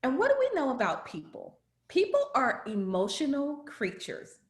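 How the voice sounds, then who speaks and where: A woman's voice: sits high, wildly swooping pitch, normal speed, echoey room. A woman guest, a leadership trainer, explaining her program in an interview and asking rhetorical questions. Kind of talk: interview answers.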